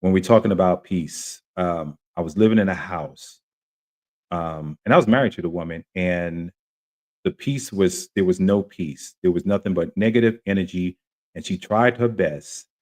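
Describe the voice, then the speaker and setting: A man's voice: low-pitched, moderate pace. Earnest man host telling a story. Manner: earnest, animated storytelling with acted-out voices. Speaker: podcast host. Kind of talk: casual testimony chat.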